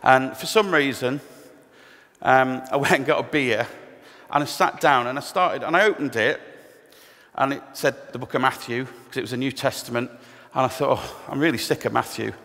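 A middle-aged man tells his conversion story to a church, his voice sitting at an ordinary pitch. He speaks candidly and pokes fun at himself now and then. His words ring out with a long reverb through the church hall. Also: moderate pace, a bit bright. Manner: candid, self-deprecating, storytelling with humor. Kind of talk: personal testimony talk.

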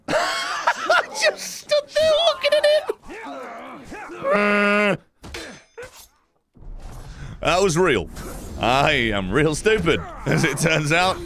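A man streaming a game, giving excitable live commentary, swearing, laughing and yelling at the screen. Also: sits high, very slow, pauses often. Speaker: gaming streamer.

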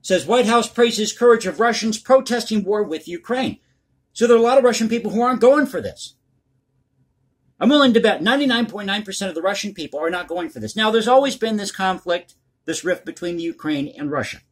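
Husky-voiced man ranting about the news. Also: sits high, lively intonation, a little fast. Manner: blunt, crass, ranting. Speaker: political commentary host. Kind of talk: opinionated news commentary.

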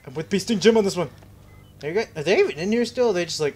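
A young man talking through a horror game in a loose, rambling, joking way. His voice sits a touch high for a man and swings widely in pitch as he chatters to himself. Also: animated, brisk, pauses often, darkish tone, a little hiss or hum. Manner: jokey, rambling self-talk. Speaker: gaming commentator. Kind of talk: let's play commentary.

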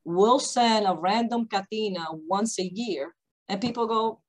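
A woman who founded a company, speaking on a video call panel with emphatic, deliberately slow, repetitive points. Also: mid-range voice, rough recording. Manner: emphatic, repeats key points, speaks slowly on purpose.

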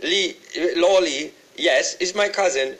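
A man's voice: fairly high pitch, slow, a bit bright, poor audio. Jamaican man doing a forgetful banknote statesman. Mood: rambling. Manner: chatty, rambling, forgetful. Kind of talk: comedic impression.

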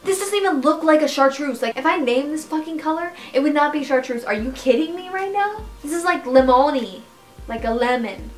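A young woman talking to camera in a casual vlog, animated and incredulous, with outbursts of swearing. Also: high-pitched, a little fast, soft background music, low-quality recording. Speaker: YouTuber.

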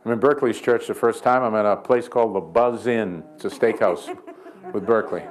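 A guest healing evangelist preaches at a healing service in a church sanctuary, blending folksy stories and jokes with brief prayers. His voice is on the low side and brisk, with faint music in the background.

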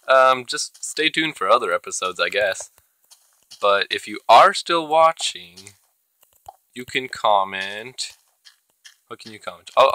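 A man's voice: mid-range voice, bright, forceful tone, no room sound, poor audio. A man hosting his own gaming channel, giving casual, chatty commentary as he plays and talking to the creatures in the game. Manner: chatty, talks to himself and the game mobs.

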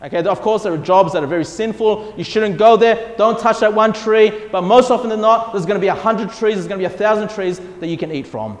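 A man's voice: high voice, fairly quick, few pauses. A man preaching a sermon as a pastor, reading scripture and acting out voices in prayers. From Australia. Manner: animated preaching, acts out God's voice and people's prayers. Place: church hall. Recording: echoey church hall.

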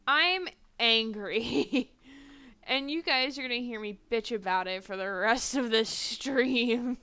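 A woman's voice: on the high side, pushed and bright. A woman streaming a game live, chatting casually, exasperated, and swearing freely.

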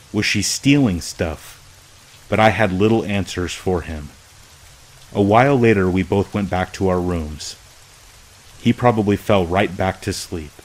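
A man narrating a true scary story from a script, in a slow, hushed, measured way. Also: low voice, rough recording.

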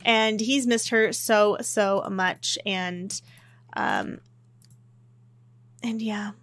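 A woman giving casual, chatty commentary over a life-simulation game, excitable and quick to gasp. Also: medium pitch, no room sound. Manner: chatty and excitable, with gasps and laughs. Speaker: gameplay commentator. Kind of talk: casual let's-play commentary.

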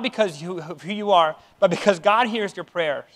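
Male pastor, thirties, light high voice, earnest conversational sermon. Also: moderate pace, fairly bright tone. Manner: earnest, conversational preaching with rising emphatic build.

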